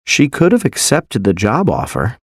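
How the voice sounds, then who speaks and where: Guy reading practice sentences, bouncy pitch, dry recording. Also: huge pitch swings, normal speed, husky, dry recording. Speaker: example sentence reader. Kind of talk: scripted grammar exercise sentences.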